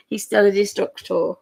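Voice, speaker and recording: A woman's voice: medium pitch, creaky, darkish tone, husky. A woman chatting casually and giggling as she draws live for viewers. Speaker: digital artist streamer. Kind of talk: casual chat while drawing live.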